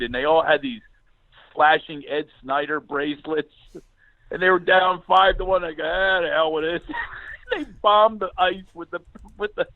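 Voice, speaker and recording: A middle-aged man from Philadelphia, a comedian calling in as a guest, telling animated comic stories fast, laughing and restarting often. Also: sits high, no room sound, narrow, tinny audio. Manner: rapid, laughing, many restarts. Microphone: phone call.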